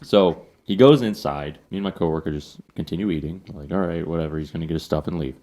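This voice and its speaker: Podcast host, man, very low voice, casual profane storyteller. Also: fast, warm tone.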